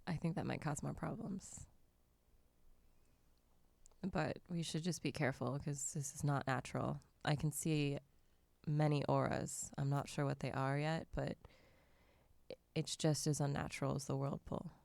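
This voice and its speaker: A woman playing a tabletop game, speaking in a measured, careful way. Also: sits low, fairly even intonation, vocal fry, a little mellow, no echo. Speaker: player.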